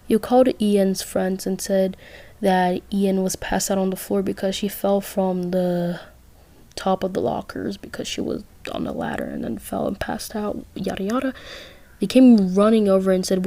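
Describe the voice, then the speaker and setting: A woman's voice: mid-range voice, level tone, normal speed, creaky, warm tone. A young woman casually telling a listener role-play story, rambling with asides.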